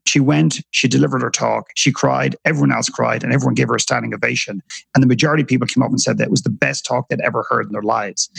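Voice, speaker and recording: Gravelly, husky-voiced man telling a story. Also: medium pitch, dry recording, poor audio. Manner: earnest, repeats words as he thinks. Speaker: podcast guest. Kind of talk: reflective storytelling in conversation.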